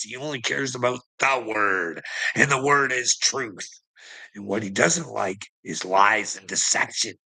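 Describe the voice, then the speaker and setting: A man's voice: medium pitch, sharp tone. A man ranting profanely at someone, mocking and angry, with laughs between lines. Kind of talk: ranting livestream talk.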